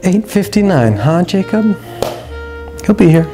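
A male comedian playing a paranoid, overprotective middle-aged mother who frantically spins wild theories and lets out shrill outbursts. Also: big pitch swings, unhurried, music in the background, full character voice. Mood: frantic. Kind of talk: comedy sketch acting.

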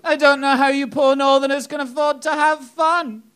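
A stand-up comedian voicing a condescending posh woman in a high, affected sneering drawl. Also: steady tone, normal speed, a bit bright.

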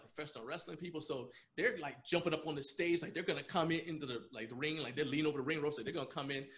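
A man's voice: a little high, a bit bright. A man being interviewed on a podcast, telling a story in a loose, rambling way and laughing often as he goes. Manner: loose, rambling with frequent restarts and fillers. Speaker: podcast guest.

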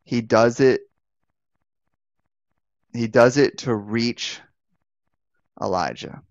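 A male pastor teaches from the Bible in a relaxed, conversational way. He often restarts his phrases and asks his listeners questions. His voice has a gravelly edge, and the recording is dry and somewhat muffled. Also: medium pitch, drawn-out words, no echo. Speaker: pastor and life coach. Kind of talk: live online Bible teaching.

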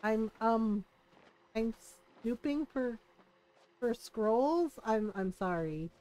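A woman's voice: a little high, expressive, extremely slow, warm tone. A woman streaming a game live, bubbly and giggly, rambling and joking at her own expense. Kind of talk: live gameplay commentary.

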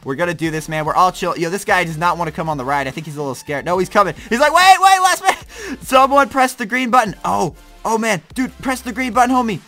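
A young man with a bright, high voice gives slangy, excitable let's-play commentary. He reacts loudly and laughs often, with faint game music underneath. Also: quick pace, few pauses. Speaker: gaming YouTuber.

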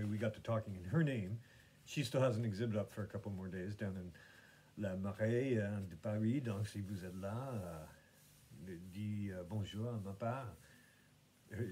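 A man's voice: lowish voice, normal speed, darkish tone, slight background noise. A man hosting his own podcast, chatting casually about painting and gallery visits in a meandering way, full of fillers and restarts. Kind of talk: casual rambling chat.

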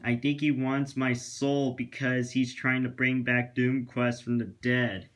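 A man's voice: mid-range voice, flat delivery, measured pace, close to an everyday voice. A man voicing a scared young male tank engine who stammers in a panic in a storybook tale. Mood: worried.

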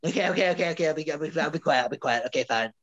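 Brief: a woman as a whiny, melodramatic male director; lowish voice, muffled video-call sound. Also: rapid-fire, a bit bright. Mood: sulky. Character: petulant self-pitying male theatre director. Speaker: student actor. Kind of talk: online amateur drama over video call. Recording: dull lo-fi video call audio.

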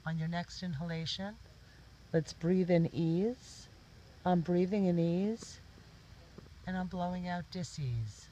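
A man leading a guided meditation, giving soft, gentle step-by-step instructions. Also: sits high, slow pace, pauses often, a little hiss or hum, low-quality recording. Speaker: meditation teacher.

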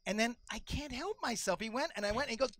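Bright-voiced male co-host, chatty storyteller, casual podcast banter. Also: extremely high pitch, fast, dry recording, studio quality. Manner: chatty storyteller, animated retelling. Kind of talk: casual chat.

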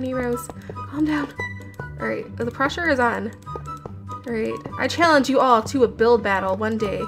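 Giggly, nervous woman gamer. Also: on the high side. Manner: chatty, nervous and giggly, talking to viewers. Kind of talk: live commentary while building in a game. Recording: game audio with background music. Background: background music.

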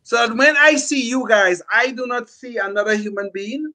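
A man's voice: very high-pitched, moderate pace, bright, forceful tone. An older man co-hosting a political talk show, speaking emphatically with frequent restarts. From California. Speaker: podcast co-host. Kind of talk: political commentary.

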